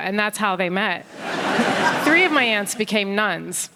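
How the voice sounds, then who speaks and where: A woman's voice: medium pitch, expressive, moderate pace, bright, forceful tone, a little hiss or hum. A woman in her forties from an Egyptian family, doing a dry, conversational stand-up set with acted quotes on a theatre stage. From Egyptian family, raised in America. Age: 40s. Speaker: stand-up comedian. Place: large theatre stage before a laughing audience. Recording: live theatre with long hall reverb.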